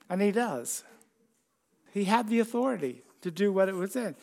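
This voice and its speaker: A high-pitched man preaching to his church congregation. He talks in a loose, conversational way and keeps asking his listeners questions as he goes. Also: expressive, normal speed, vocal fry, a little mellow. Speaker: pastor. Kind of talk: sermon.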